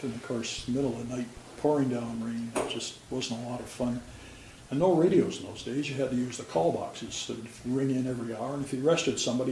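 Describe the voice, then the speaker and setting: An older man recalls his years on the police force in a plain, folksy way, with dry humor between the stories. His voice sits at an ordinary pitch. The recording is roomy, with a faint hum behind him. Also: warm tone. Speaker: retired police officer. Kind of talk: storytelling. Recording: roomy sound with faint background noise.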